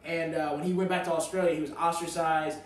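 A man co-hosting a sports talk show in casual chat, earnest and rambling with fillers, quick to joke. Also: fairly high pitch, flat delivery. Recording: roomy, distant mic, faint noise.

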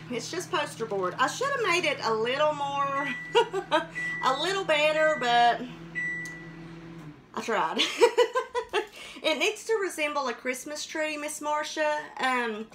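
A woman's voice: fairly high pitch, noisy background. A woman hosting a chatty live cooking stream, greeting viewers by name and laughing often in a folksy way.

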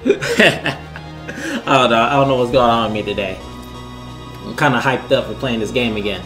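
A man's voice: mid-range voice, expressive, moderate pace, long pauses, fairly bright tone, soft background music. A man hosting a let's play, rambling and self-deprecating as he comments on the game. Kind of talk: casual gameplay commentary.

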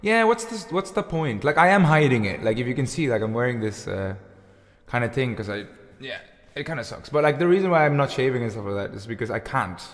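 A rambling thirty-year-old man hosting a casual music livestream, filling his talk with likes and ums. His mid-pitched voice rings with a long reverb tail, as if in a hall. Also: lively intonation, fairly quick. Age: 30s. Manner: rambling and chatty, full of fillers. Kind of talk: casual chat reading out viewer comments. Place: home room with lights and guitar gear.

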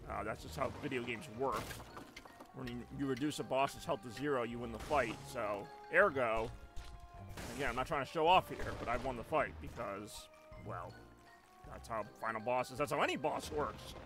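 A man's voice: mid-range voice, normal speed, over music. A man streaming a game live, rambling and joking as he chats with his viewers. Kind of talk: casual live stream gameplay commentary.

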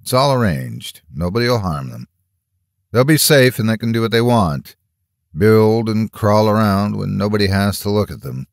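A man's voice: lowish voice, big pitch swings, moderate pace, dry recording, studio quality. A man voicing a stern, commanding older farm woman in a horror story reading. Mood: stern, impatient.

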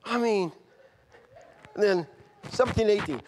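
A middle-aged man, preaching a sermon and telling a personal testimony, moving from quiet storytelling to fervent outbursts. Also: fairly high pitch, animated, normal speed, a little hiss or hum. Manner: earnest, swings from quiet storytelling to shouted fervor.

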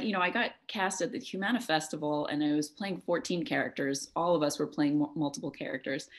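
A young adult woman, an actor, talking casually as an interview guest, chatty and self-deprecating, laughing often. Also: sits low. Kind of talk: casual conversation.

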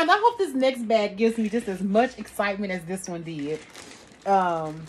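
A woman vlogs an unboxing of her haul, gushing over every item and calling her viewers sis and y'all in product unboxing chat. Her voice is a little high and slightly rough.

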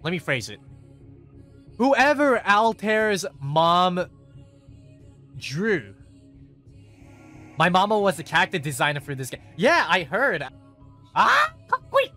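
A man streamer chatting casually, excitable and laughing, stumbling over his words. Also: sits high, slow, long pauses, faint music behind. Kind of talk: casual livestream chat.

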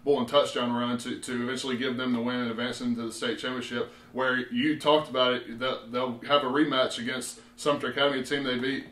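A man co-hosting a local sports show, breaking down high school football with lots of filler words. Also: flat delivery, a little fast, hardly any pauses, fairly bright tone. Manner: rambling, many "you know" fillers. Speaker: sports reporter co-host. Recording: roomy echo.

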